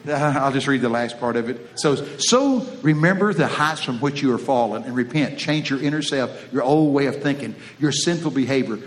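Folksy Texan preacher man. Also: mid-range voice. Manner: folksy, joking, drawling Southern phrasing. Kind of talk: folksy sermon with storytelling.

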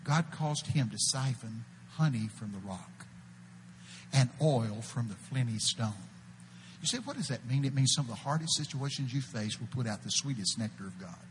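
A man preaching a sermon, telling folksy stories and breaking out to shout quoted prophecies before dropping to a hush. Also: mid-range voice, moderate pace, big-room sound, a little hiss or hum. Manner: animated, folksy, shouts out quoted prophecies, swings between loud and hushed. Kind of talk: sermon with storytelling. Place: church.

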